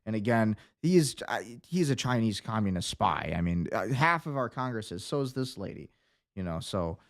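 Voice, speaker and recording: A man with a fairly low voice hosts a live reaction stream. He talks loosely and casually, full of fillers. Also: very animated, moderate pace. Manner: casual, chatty, uses fillers. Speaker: livestream host. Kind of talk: casual watch-along commentary.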